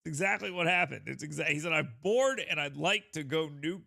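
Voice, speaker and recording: A male talk host with a gravelly, bright edge to his voice, scoffing and sarcastic as he reacts to clips. The sound is dry and close. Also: a little high, animated, a little fast, no echo. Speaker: radio host. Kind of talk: mocking commentary over clips.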